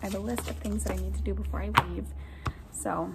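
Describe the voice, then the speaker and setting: A woman's voice: mid-range voice, fairly even intonation, quick pace, gravelly, heavy background noise. A young adult woman, a kindergarten teacher, talking in a chatty, conversational way to her vlog audience. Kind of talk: casual vlog chat.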